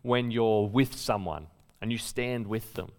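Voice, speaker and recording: A pastor with a fairly low, unhurried voice preaches conversationally, telling lively stories and quoting speakers with emphasis.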